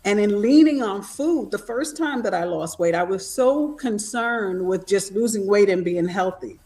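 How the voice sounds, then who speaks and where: A woman's voice: medium pitch, animated, measured pace, mellow. Woman guest on a video call, earnest, thoughtful, sharing her own story. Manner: earnest and reflective. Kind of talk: personal testimony in an interview.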